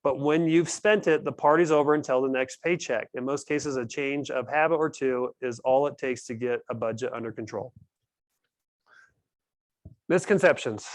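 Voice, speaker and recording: A man's voice: mid-range voice, moderate pace, no echo. A man hosting a casual team meeting on budgeting, calling on people by name. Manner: upbeat, calls on people by name. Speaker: host of a team finance meeting. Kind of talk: casual group discussion.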